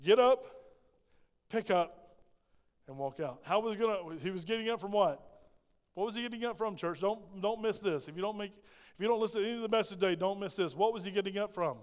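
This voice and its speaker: Male pastor, high-pitched, emphatic sermon with questions to the crowd, echoing church hall. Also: fast. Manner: emphatic preaching with rhetorical questions to the congregation. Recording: long reverb of a large hall.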